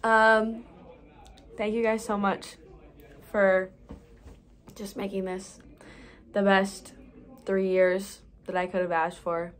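A woman's voice: medium pitch, flat delivery, takes it slowly, pauses often. A young woman in her late teens, a graduating theater student, giving a rambling, emotional farewell vlog message.

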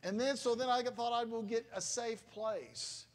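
A man's voice: very high-pitched, measured pace. A middle-aged man, a pastor, preaching a sermon in a conversational, emotional storytelling manner with exclamations.

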